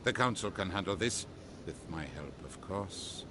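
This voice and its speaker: An actor playing a smug, condescending politician in a video game, speaking coolly and dismissively. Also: male voice, deep voice, animated, measured pace, heavy background noise. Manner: cool, dismissive.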